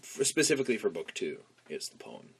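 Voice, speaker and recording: A young man co-hosting a casual podcast chat, rambling eagerly through his stories. His pitch swings widely as he talks. A faint hiss and the odd click sit under the voice. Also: huge pitch swings, a little fast, creaky. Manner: enthusiastic, rambling storyteller. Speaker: podcast co-host.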